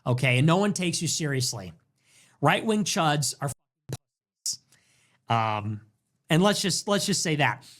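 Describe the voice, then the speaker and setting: A man's voice: a little high, lively intonation, takes it slowly, pauses often, fairly bright tone. A man hosting a casual political commentary show, talking emphatically and with scorn. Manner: emphatic and scornful, mocking mimicry.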